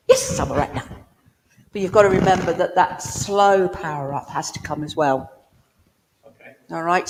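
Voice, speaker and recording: A woman's voice: mid-range voice, slight background noise. A woman giving a spiritualist mediumship reading in a village hall, chatty and down-to-earth, talking directly to a listener. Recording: long hall reverb.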